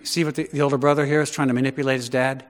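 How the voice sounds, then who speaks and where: A man's voice: medium pitch, level tone, racing, in a large hall. A man preaching a sermon, emphatic and full of rhetorical questions.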